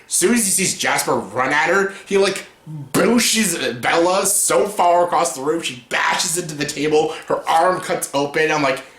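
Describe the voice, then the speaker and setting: In an echoey room, a young man reviews films on his YouTube channel at normal speed, his voice somewhat high and a bit bright. The casual review turns into a rant full of exasperation, mockery, frequent cursing, and laughter.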